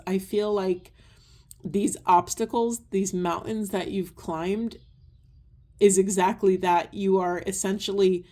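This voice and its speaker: A woman giving a spiritual oracle card reading, talking in a soft, earnest, meandering way with many pauses and ums. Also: mid-range voice. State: tearful at times. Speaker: tarot and oracle reader.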